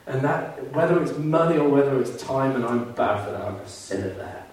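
Earnest preacher in an echoey hall. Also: male voice, mid-range voice, animated, moderate pace, a little mellow. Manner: earnest, fervent, mimics grumbling listeners. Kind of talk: sermon. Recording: very echoey hall, mic far off.

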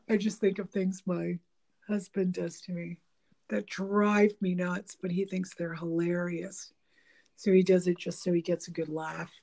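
Woman, gravelly voice, mellow tone, casual rambling chat, lots of fillers. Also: fairly low pitch, slow pace, pauses often. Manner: rambling, with frequent fillers and restarts; animated, laughing, mimics dialogue. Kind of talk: casual conversation about relationships.

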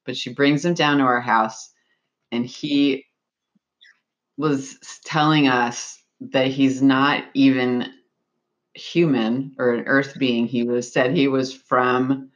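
A middle-aged woman co-hosting a podcast, chatting casually in an animated, exclamatory way. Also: very deep voice, takes it slowly. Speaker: podcast co-host. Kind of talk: casual chat. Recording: slightly dull, lo-fi recording.

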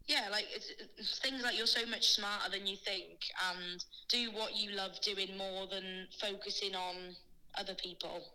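A woman's voice: medium pitch, bright, forceful tone, poor audio. A young woman answering a friend's call in a casual chat, candid and reflective, laughing easily.

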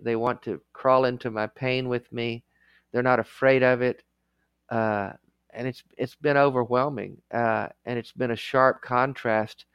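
Male guest, former clergy. Smooth, clear tone, dry close sound; earnest, emotional, laughs through his words. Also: medium pitch, dry recording. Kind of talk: candid conversational interview.

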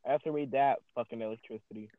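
A man's voice: medium pitch, quick pace, dry recording. Guy swearing a lot, ranty podcast call, sounds like a phone line. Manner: cursing, easily frustrated, ranting. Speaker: podcast co-host. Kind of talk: casual chat on a call.

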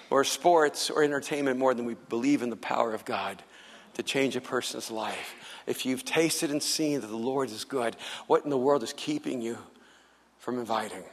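A man preaching a sermon as pastor, telling stories with animation and turning soft and earnest for his appeals. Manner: animated storytelling, acts out quoted people in a higher voice. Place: large church hall. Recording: long hall reverb.

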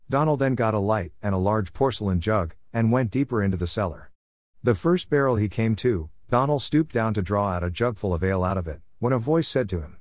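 Male storyteller, low voice, dry close sound, steady folk tale reading. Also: a little fast, no room sound.

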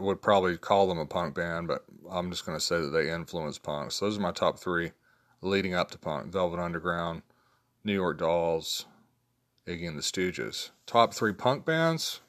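A man in his fifties talking casually and rambling through his favorite picks, with plenty of fillers and restarts. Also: a bit bright. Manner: rambling, low-key, many fillers and restarts. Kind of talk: casual spoken list of favorites.

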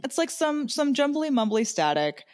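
A woman's voice: high-pitched, sing-song, normal speed, a little mellow. A woman co-hosting a podcast, telling a story in a chatty, sarcastic way and swearing freely. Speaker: podcast co-host.

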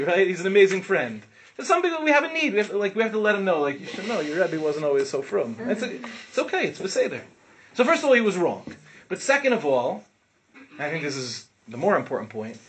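A middle-aged man teaching an informal Torah class to students, animated, asking questions and acting out what his students say. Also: sits high, a little hiss or hum. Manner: animated, asks the listeners questions, acts out students' words.

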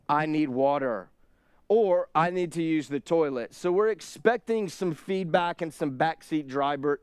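A man in his thirties preaching a sermon, telling a family story with lively acted-out shrieks. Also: on the high side, clear, resonant tone, dry recording. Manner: animated storyteller, acts out his kids' shrieks. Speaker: pastor.

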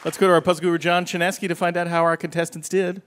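A man co-hosting a quiz show, reading clues in a jokey, animated way. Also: high-pitched, racing, a faint crowd. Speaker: game show co-host.

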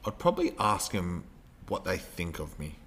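A man with a very deep voice hosts a casual podcast. He talks in a loose, rambling way and often stops to hunt for the right word. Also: moderate pace. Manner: relaxed, rambling, searches for words. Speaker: podcast host, teacher.

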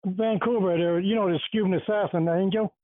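A man's voice: high-pitched, steady tone, a little fast, no echo. An older man co-hosting, rambling through old stories in casual chat. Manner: rambling storyteller. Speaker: co-host. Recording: tinny phone line.

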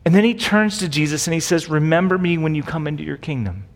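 A man's voice: a little high, lively intonation, fast talker. A man teaching through a Bible passage as a pastor, in a casual, conversational way, often checking in with rhetorical questions. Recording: long reverb.

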